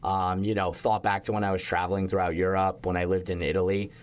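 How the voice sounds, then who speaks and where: A man's voice: deep voice, fast. A young adult man, a chef and restaurateur, talking casually in an interview with lots of "like" fillers and the odd swear word. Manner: animated storytelling, heavy use of "like", occasional swearing.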